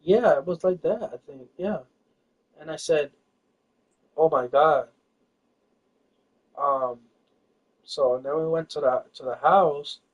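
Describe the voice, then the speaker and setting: A man's voice: a little high, takes it slowly, pauses often, slightly rough, recorded from a distance. A man talks casually, rambling and hesitant, stacking fillers and starting sentences over. He sits back from the mic, and the recording sounds dull and lo-fi. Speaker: storyteller. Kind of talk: casual chat.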